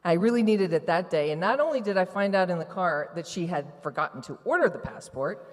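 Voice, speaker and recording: A woman's voice: lowish voice, animated, fairly quick. Woman testifying in a reverberant hall. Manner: candid, emotional storytelling. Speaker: retreat participant giving testimony. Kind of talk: personal testimony to a live audience. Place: large event hall on stage. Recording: long hall reverb from a live venue.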